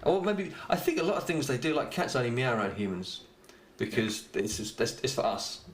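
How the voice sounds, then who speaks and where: A man's voice: mid-range voice, big pitch swings, brisk. A man co-hosting a podcast, rambling in casual chat and swearing freely. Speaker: podcast co-host. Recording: echoey room with faint noise.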